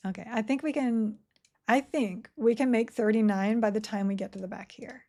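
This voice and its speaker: Cheerful woman streamer with a mellow voice. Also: a little high, measured pace. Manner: cheerful, chatty, answers chat questions. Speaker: game streamer. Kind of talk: casual live-stream chat while playing.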